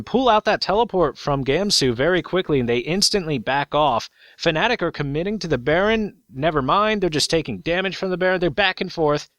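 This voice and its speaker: A man casting a pro game with excitable, rapid play-by-play commentary on a close mic. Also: fairly high pitch, no room sound. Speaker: game caster, channel host. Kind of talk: comedic esports play-by-play commentary.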